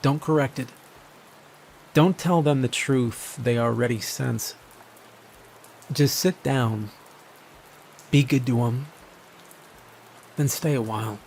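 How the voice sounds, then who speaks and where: A man telling a first-person horror story in a measured, grave scripted narration. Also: mid-range voice, vocal fry, a little mellow, a little hiss or hum.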